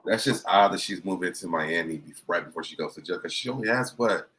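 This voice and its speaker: Stream host, man, somewhat low voice, sarcastic gossip commentary, chats with viewers. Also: fast talker, a bit bright, poor audio. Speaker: livestream host. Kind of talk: casual commentary reacting to clips.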